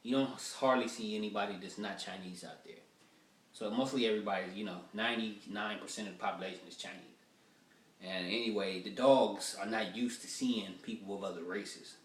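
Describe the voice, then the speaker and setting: A man's voice: fairly low pitch, steady tone, brisk. Dude comic rambling his jokes, cussing a lot, kinda far from the mic, echoey room. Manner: profane, rambling, casual. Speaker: stand-up comedian. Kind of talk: stand-up storytelling, rough draft. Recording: roomy sound from a distant mic.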